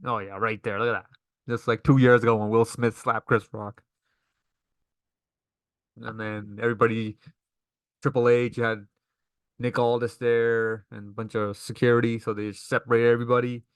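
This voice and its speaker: A man's voice: mid-range voice, level tone, normal speed, pauses often, clean tone, no echo. A man giving a casual, enthusiastic recap of a wrestling show, laughing often.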